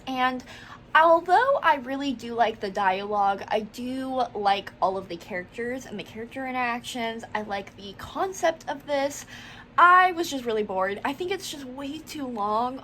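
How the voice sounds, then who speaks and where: A woman's voice: on the high side, a bit bright, slight background noise. A young woman from the United States chatting casually in a book vlog, gushing and full of "like" fillers. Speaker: book vlogger.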